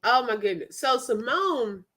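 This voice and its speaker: Her voice sits a little high and her pace is measured as she hosts a relaxed live chat. The woman, a livestreamer, spins an animated tale full of laughter while chatting with viewers.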